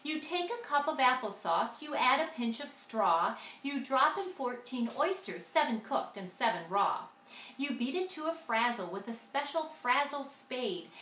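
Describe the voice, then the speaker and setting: A woman voicing a chatty, carefree male glunk creature who rattles on in quick patter. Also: sits high, very animated, fairly bright tone, echoey room, recorded from a distance, a little hiss or hum, full character voice. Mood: gabbing. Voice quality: rapid gabbing patter.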